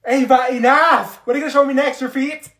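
Guy doing a bratty loud schoolgirl, high pitched and whiny, sketch comedy. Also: fairly even intonation, fast. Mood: sassy, loud. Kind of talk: comedy sketch role-play.

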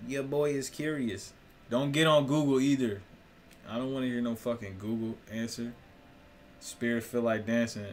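Over a little hiss or hum, a mid-range male voice speaks at normal speed in a steady tone. He's a vlogger on his own channel, swearing and wandering through a loose monologue while laughing and quizzing his audience.

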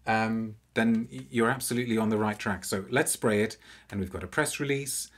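A man hosting an unscripted live review, chatty and animated, with frequent restarts. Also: fairly low pitch, normal speed. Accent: non-French, anglicised French pronunciation.

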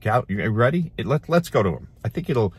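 A middle-aged man hosting a casual commentary show, reading headlines aloud and adding animated, laughing remarks. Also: mid-range voice, brisk, husky, no room sound. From United States. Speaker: host.

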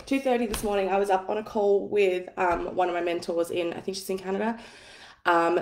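Tired, husky woman hosting a livestream. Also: on the low side, fairly even intonation, moderate pace, roomy sound. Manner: chatty, self-deprecating, swears freely. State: tired and a bit husky from an early start. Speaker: coach hosting a live masterclass. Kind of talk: casual livestream teaching. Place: at home. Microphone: phone on a tripod.

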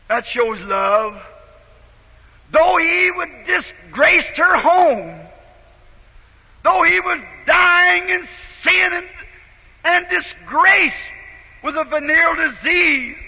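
A male preacher with a very high voice tells a story in a sermon, building from soft speech to shouting. It was captured on a dull 1950s tape in a big, echoing hall.

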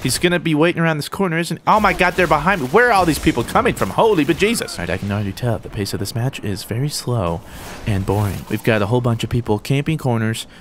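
Excitable young man with a lively pitch. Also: quick pace, slight background noise. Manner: excitable, jokey, shouts at opponents. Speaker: gaming YouTuber. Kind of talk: live gameplay commentary.

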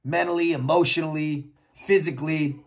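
Gravelly, husky American man telling a story. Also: a little high, steady tone, moderate pace, faint music behind. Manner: blunt, profane, reflective. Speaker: storyteller recounting his own experience. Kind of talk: personal storytelling monologue.

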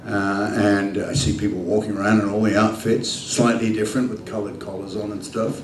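An older man with a fairly low voice answers fan questions on a convention stage, telling lively anecdotes and acting out the dialogue. He laughs often as he goes. He sounds distant and roomy, as if picked up from across a big echoing hall, with a faint hum underneath. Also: normal speed. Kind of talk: convention Q&A storytelling. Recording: echoey hall, heard from far off, faint hum.

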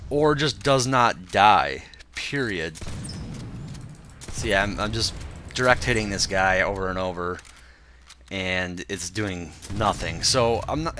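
Young male gaming host, congested, low and bright-edged, loose walkthrough patter. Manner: relaxed, thinking aloud with fillers. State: stuffed up, congested. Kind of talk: casual gameplay walkthrough commentary.

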